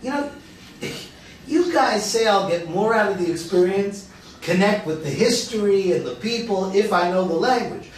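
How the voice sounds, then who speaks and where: An actor reading the part of a chatty, hesitant adult Hebrew student in a virtual play reading. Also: male voice, high-pitched, expressive, normal speed, slight background noise. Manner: rambling, hesitant, joking. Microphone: remote video call mic. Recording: echoey room, distant mic, faint ambience.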